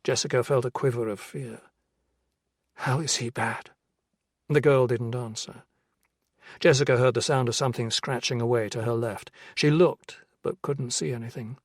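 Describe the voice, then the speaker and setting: Husky male audiobook narrator. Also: medium pitch, steady tone, normal speed, no room sound, clean studio sound. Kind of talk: scripted narration.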